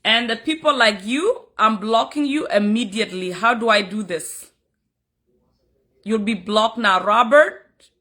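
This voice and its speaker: A woman's voice: mid-range voice, unhurried, sharp tone. A woman streaming live as a content creator, scolding commenters in a heated rant and switching between English and another language. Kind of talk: angry livestream rant at commenters.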